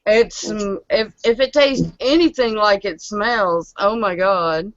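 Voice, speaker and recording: A woman's voice: medium pitch, slow, no echo. A woman guest chatting on a live stream, laughing often and telling home stories. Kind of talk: casual live-stream chat. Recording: dull lo-fi stream audio.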